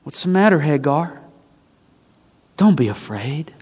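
A man preaching plays a calm, comforting angel in soft whispered role-play. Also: on the high side, racing, voice pushed down, lightly acted. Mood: soothing.

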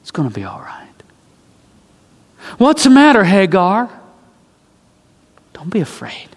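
A man preaching plays a calm, comforting angel in soft whispered role-play. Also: on the high side, rapid-fire, voice pushed down, close to an everyday voice. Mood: soothing.

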